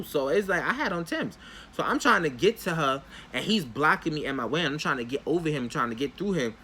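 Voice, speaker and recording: A man's voice: fairly high pitch, a little hiss or hum. A young man telling viewers a story in a casual, slangy storytime vlog, talking straight to them. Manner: animated, talks straight to viewers. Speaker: vlogger.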